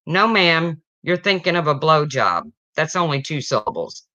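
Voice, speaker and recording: A livestreamer doing a cheeky schoolboy's lines in a joke, eager and pitched a little higher. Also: lively intonation, normal speed, sharp tone. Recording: dull slightly lo-fi stream audio.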